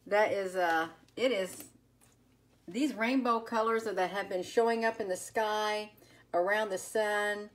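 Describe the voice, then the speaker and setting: A woman's voice: mid-range voice, steady tone, unhurried. A woman hosting a casual live stream, greeting viewers one by one by name with many fillers. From United States. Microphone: phone.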